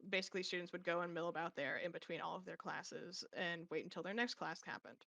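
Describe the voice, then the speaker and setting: A young adult woman, a podcast guest, telling a story in casual chat with lively, casually profane delivery. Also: fairly low pitch, quick pace, gravelly, no echo.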